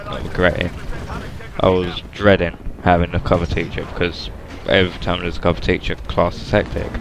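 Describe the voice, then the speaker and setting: Male vlogger, deep and monotone, plain slang, noisy background. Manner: flat, matter-of-fact retelling with plain slang. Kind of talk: casual storytelling to camera.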